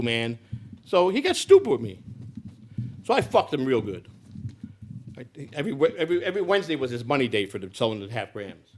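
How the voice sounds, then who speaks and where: A middle-aged man from the United States telling his life story bluntly and profanely, dropping to low mutters and then rising to loud outbursts. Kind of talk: raw personal storytelling.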